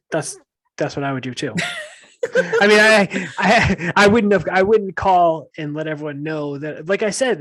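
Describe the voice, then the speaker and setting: A man co-hosting a true crime podcast, talking casually with quick laughs and silly asides. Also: a little high, no room sound. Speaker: podcast co-host.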